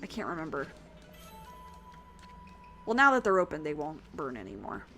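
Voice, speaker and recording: A woman with a rough, worn throat, chatting casually with her viewers while streaming a video game, rambling and swearing now and then. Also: low-pitched, very animated, normal speed, pushed and bright, faint music behind.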